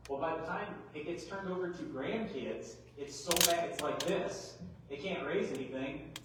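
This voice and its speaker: A middle-aged man giving a farm workshop talk, folksy and animated, full of rhetorical questions. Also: on the high side, slight background noise. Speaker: agronomy speaker. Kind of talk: workshop presentation. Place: large hall. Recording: echoey hall, mic far off.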